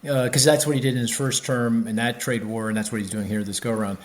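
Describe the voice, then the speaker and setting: A man, an economist guest on a podcast interview, explaining with animated restarts and many fillers. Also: mid-range voice, fast talker.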